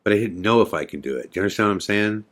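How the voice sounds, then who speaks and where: A man's voice: lowish voice, expressive, very fast, a bit bright. A man hosting a podcast, telling a story in a casual, conversational way full of fillers and quoted dialogue. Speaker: podcast host.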